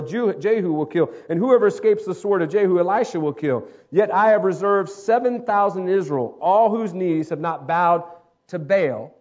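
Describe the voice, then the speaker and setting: A man preaching a sermon, dramatic, acting out voices and swinging between loud calls and hushed lines. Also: fairly high pitch. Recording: dull lo-fi sound.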